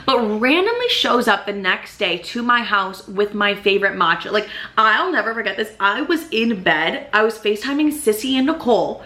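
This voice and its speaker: A woman's voice: mid-range voice, lively intonation, normal speed, few pauses, bright, forceful tone. A young adult woman vlogging, telling a personal story in a chatty, emphatic way, swearing often and filling her talk with "like". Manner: emphatic and chatty, heavy swearing and constant "like" fillers. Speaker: YouTube vlogger. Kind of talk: casual storytelling to camera.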